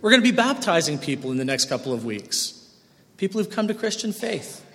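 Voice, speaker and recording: A man preaching a sermon as pastor, expressive, swinging between loud and quiet. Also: sits high, a little fast. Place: church sanctuary. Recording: long church reverb.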